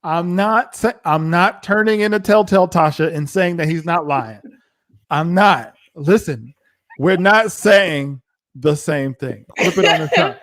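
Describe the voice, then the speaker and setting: A man co-hosting a casual live review chat, telling stories in an animated way and acting out what people said. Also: a little high, a little slow. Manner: animated storytelling, acts out quotes. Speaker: co-host of a reality TV review show.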